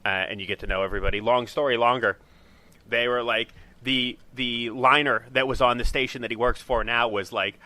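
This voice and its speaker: A man co-hosting a podcast, talking quickly and excitably with loud laughs. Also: mid-range voice, no room sound. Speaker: podcast co-host. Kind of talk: casual chat.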